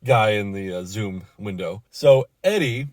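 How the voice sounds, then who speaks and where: A man's voice: fairly low pitch, expressive, measured pace, darkish tone, dry recording. A man who manages a bar, telling a story in a casual rant that is full of swearing, fillers and restarts.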